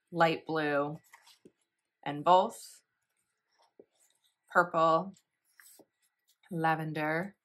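A woman's voice: fairly low pitch, a bit bright. A woman in her thirties, a planner vlogger, chatting casually and giggling as she reads sticker quotes aloud. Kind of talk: casual product review, reading sticker quotes.

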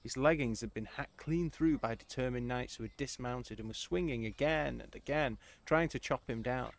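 A man's voice: medium pitch, normal speed, creaky, dry recording. Man narrating a short story. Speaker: audiobook narrator.

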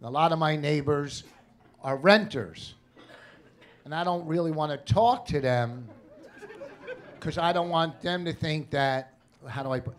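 Brash Jersey comic with a cranky edge. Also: male voice, a little high, measured pace, pauses often. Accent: New Jersey. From New Jersey. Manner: brash, cranky, profane storytelling. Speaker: stand-up comedian. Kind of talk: stand-up comedy set. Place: comedy stage before a live audience.

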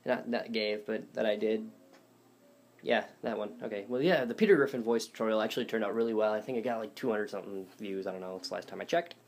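A man's voice: on the low side, fast. A young man giving a casual, rambling video tutorial on voice impressions, full of fillers and self-deprecating asides. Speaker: voice impressions teacher. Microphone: phone or webcam.

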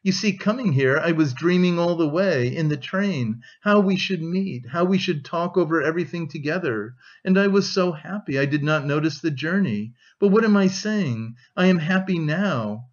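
A man's voice: on the high side, expressive, moderate pace, hardly any pauses, highs cut off, pitched above the performer's own voice, natural voice. A man voicing an anxious, loving middle-aged mother in an audiobook, speaking in an emotional, pleading way.

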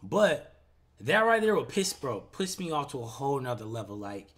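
Animated young man ranting casually. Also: medium pitch, moderate pace. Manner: animated, profane, opinionated rambling. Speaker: reaction video host. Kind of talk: casual reaction commentary.

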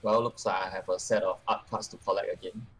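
Curious drop-in friend, husky male voice, casual chatter. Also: deep voice, fairly even intonation, fast talker, fairly bright tone, soft background music, rough recording. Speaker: friend joining the stream. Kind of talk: casual chat.

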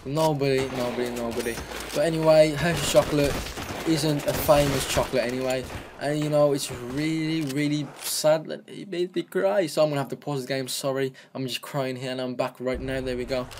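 A man's voice: mid-range voice, level tone, brisk, background noise. A young man giving casual, rambling gameplay commentary, often repeating words and restarting his sentences. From Britain. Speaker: gaming commentator.

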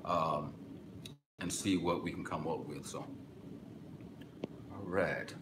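A man hosting a live music-business webinar, reading chat and answering casually, with sudden excited bursts between relaxed stretches. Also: slow pace. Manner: excitable bursts, then drops low and relaxed. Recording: echoey room, faint background noise.

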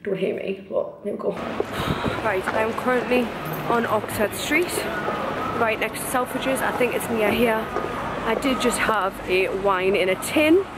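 Speaking a little slowly in a voice on the high side, this young vlogger from Newcastle, England, has a Geordie accent. She's candidly chatting through a get-ready-with-me video, ranting and swearing without holding back, on audio that is echoey, noisy and distant.

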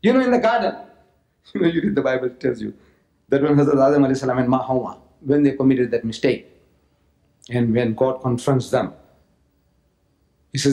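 A man from South Africa giving an animated religious lecture to an audience, full of mocking asides and repeated phrases. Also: medium pitch, fairly quick, long pauses. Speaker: public lecturer. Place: lecture hall. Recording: roomy lecture hall recording.

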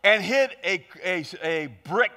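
Bright-voiced pastor telling a story. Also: male voice, high-pitched, takes it slowly. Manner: storytelling, animated, laughs often. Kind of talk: sermon with live interpreter. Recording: long church hall reverb.

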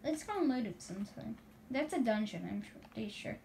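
High-voiced, hesitant woman gamer. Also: sing-song, fairly quick, gravelly, darkish tone, a little hiss or hum. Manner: hesitant, full of fillers, giggly. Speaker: gaming video co-host. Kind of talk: casual gameplay chat.

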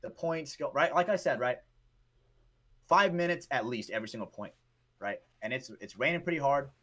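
A man co-hosting a podcast, telling a story in a lively, profane way and often adding "right?" and "bro". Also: medium pitch, normal speed. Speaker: podcast co-host. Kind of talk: casual storytelling chat.

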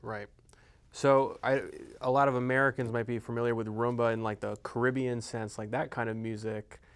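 A man's voice: medium pitch, little pitch movement, moderate pace, clean tone. A man interviewing a guest, asking questions and giving short encouragements. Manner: brief encouraging backchannels.

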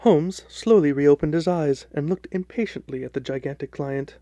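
Brief: male narrator, measured storytelling delivery, slightly high voice, dry close sound. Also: dark tone, no room sound. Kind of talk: scripted narration.

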